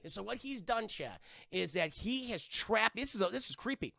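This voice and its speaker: A man recapping a cartoon episode for a live-stream chat, talking in an energetic, profane, and animated way. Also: high-pitched, normal speed, creaky, no room sound, clean studio sound. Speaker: livestream cartoon reviewer.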